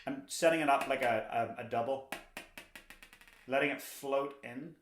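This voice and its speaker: A man's voice: medium pitch, measured pace. Man teaching drums in an echoey room. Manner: chatty, encouraging, cracks dad jokes. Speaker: drumming teacher. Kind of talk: instructional lesson. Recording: echoey room with clear background noise.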